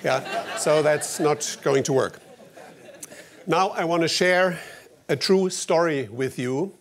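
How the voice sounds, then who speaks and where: A German man with a German accent and a fairly high voice gives a formal opening speech at an award ceremony, with a crowd audible in the background. His delivery is wry and anecdotal, and his phrasing slightly halting.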